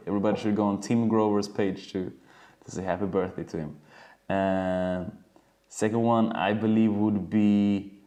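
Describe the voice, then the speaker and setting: A man coaching dancers in a casual webinar, telling stories in an animated way and swearing freely from a home video call. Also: fairly low pitch.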